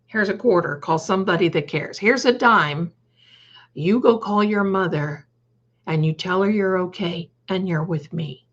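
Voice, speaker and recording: A husky older woman hosts a live stream, talking slowly and telling a personal story in a chatty, animated way. Her audio comes through a bit muffled and lo-fi. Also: lowish voice. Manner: chatty, animated, greets viewers by name. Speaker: livestream host. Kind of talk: casual storytelling to live chat.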